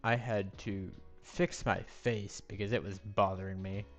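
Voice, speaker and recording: A man's voice: on the low side, fairly even intonation, measured pace. A man live-streaming a building game on a headset mic, rambling to himself with playful sound effects. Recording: faint music behind.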